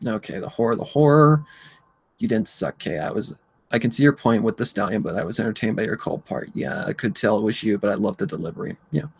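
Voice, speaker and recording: A man's voice: fairly low pitch, fast talker, gravelly, slightly rough. A man chatting casually on a livestream, rambling and swearing while he reads the chat aloud and hums to himself as he scrolls. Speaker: livestream host.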